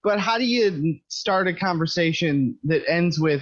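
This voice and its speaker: A man's voice: fairly high pitch, expressive, measured pace, no room sound, lo-fi sound. A man in his twenties co-hosting a podcast, telling crude stories in casual, profane, exasperated chat. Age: 20s. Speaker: podcast co-host.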